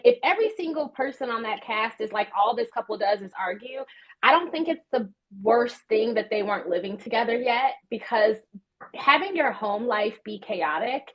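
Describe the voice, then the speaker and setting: Woman guest, fairly high voice, frank, relaxed, swears casually, video call. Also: lo-fi sound. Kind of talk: casual reality TV recap chat. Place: outdoors in the sun.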